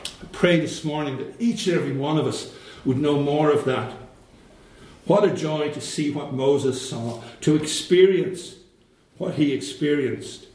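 A man preaching a sermon, slow and emphatic, repeating phrases for weight. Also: fairly high pitch, darkish tone. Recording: very echoey room.

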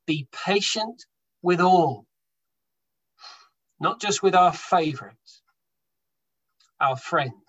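A man's voice: high voice, animated, drawn-out words, long pauses, muffled recording. A man preaching a sermon to his congregation, emphatic, swelling and dropping his volume for stress. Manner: emphatic, rises and drops in loudness for stress.

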